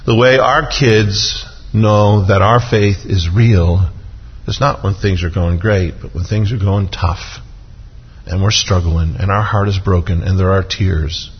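Earnest preacher in a dull-sounding hall. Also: male voice, steady tone, husky. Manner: earnest, rises in pitch when stressing points, slows on quoted scripture. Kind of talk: sermon.

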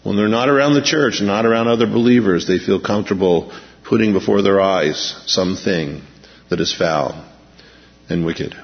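A man preaching a sermon as pastor, emphatic, slowing down to read scripture and pressing key points. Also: fairly low pitch. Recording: muffled lo-fi with long hall reverb.

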